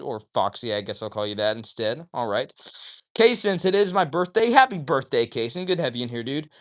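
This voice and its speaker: A man's voice: medium pitch, fairly bright tone. A man hosting a casual livestream, reading out viewers' chat messages and greeting people by name in a chatty, upbeat way, recorded on a phone.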